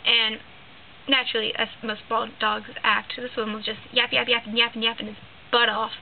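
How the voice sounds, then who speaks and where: A woman's voice: a little high, flat delivery, moderate pace, creaky. A teenage girl vlogger telling a long joke to the camera in a rambling way, full of "like" and "um". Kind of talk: casual storytelling to camera. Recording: lo-fi phone-like sound with faint hiss.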